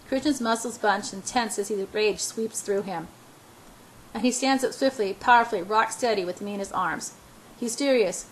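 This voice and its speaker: A woman's voice: medium pitch, normal speed, slight background noise, low-quality recording. A woman reading a first-person novel aloud, often stumbling and restarting words. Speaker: audiobook reader.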